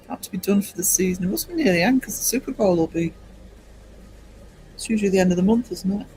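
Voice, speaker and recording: An English man in his fifties hosting a casual late-night livestream, rambling and hesitant with many pauses. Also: high voice, animated, dark tone, slight background noise, rough recording. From England. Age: 50s. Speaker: livestream host.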